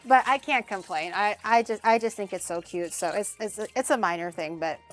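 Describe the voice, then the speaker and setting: A woman's voice: mid-range voice, fairly quick. A young woman from Canada, chatting animatedly as she cooks on her stream, laughing often and swearing casually. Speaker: streamer hosting a cooking collab. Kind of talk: casual chat while cooking.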